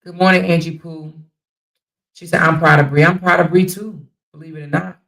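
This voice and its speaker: A woman's voice: lowish voice, steady tone, moderate pace, vocal fry, a bit bright. A woman hosting a casual livestream, reading viewer comments aloud and chatting back in reply. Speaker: livestream host.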